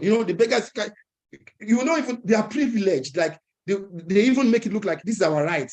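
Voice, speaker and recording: This young man's voice is high and his pace fairly quick as he addresses an entrepreneurs' event. He recounts a personal story in an animated way, chuckling and voicing other people's words.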